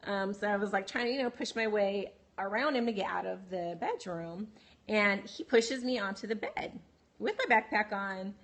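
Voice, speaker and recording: A woman with a mid-range, expressive, fairly bright voice speaks at normal speed while hosting a phone livestream. She tells a personal story candidly with many fillers, restarts, and laughs, answering viewers' comments by name.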